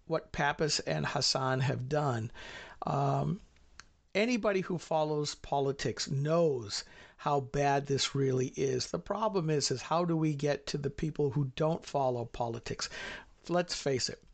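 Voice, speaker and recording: A middle-aged man with a slightly higher voice co-hosts a political talk show. He rambles in a folksy way and often stops to restart his sentences.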